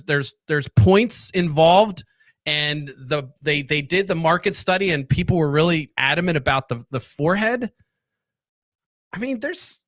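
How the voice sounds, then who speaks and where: A sarcastic man rants loosely to his viewers, swearing freely and wandering off on tangents. His voice sits a bit higher than most men's. The sound is close and dry, with no room around it. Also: a bit bright, no echo. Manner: profane, rambling, sarcastic. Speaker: political commentary host. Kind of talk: casual solo rant to camera.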